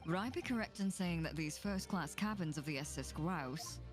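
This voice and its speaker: A woman reading the lines of a theatrical, eccentric male detective in measured, deliberate tones, voicing game dialogue aloud. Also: deep voice, soft background music, pitched below the performer's own voice, close to an everyday voice. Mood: haughty probing.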